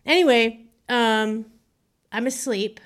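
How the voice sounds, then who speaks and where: A slightly high-voiced woman tells a story from her teens in a relaxed podcast chat. She rambles with fillers like "um" and "like", then builds toward the dramatic moments. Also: takes it slowly. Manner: chatty, many fillers, builds suspense. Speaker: podcast guest telling a story. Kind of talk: casual storytelling.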